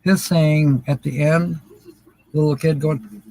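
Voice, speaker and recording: A man's voice: fairly high pitch, fairly even intonation, measured pace, warm tone, a little hiss or hum, low-quality recording. An older man hosting a livestream word game, chatting casually and chuckling often as he reads out viewers' names. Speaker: livestream host. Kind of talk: casual live chat during a word game.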